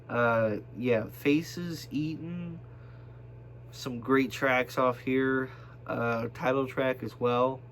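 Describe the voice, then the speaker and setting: A man showing his album collection in a casual, rambling video monologue, full of fillers and bursts of excitement. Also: medium pitch, a little hiss or hum.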